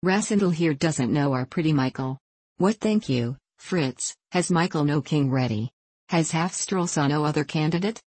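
A woman voicing a gruff, sneering old colonel. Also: deep voice, moderate pace, a little mellow, no echo. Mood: urgent. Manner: curt, sneering.

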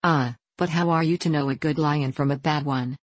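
A woman's voice: sits low, fairly even intonation, normal speed, dry recording. A woman reading an audiobook, voicing a boastful, bossy eldest boy with eager lines.

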